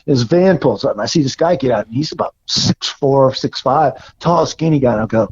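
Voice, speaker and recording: An older man from the Florida Gulf Coast, a surfer guest telling animated stories in an interview and acting out what others said. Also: mid-range voice, brisk, husky. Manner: animated storyteller, acts out quoted voices. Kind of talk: casual storytelling interview. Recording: dull lo-fi recording.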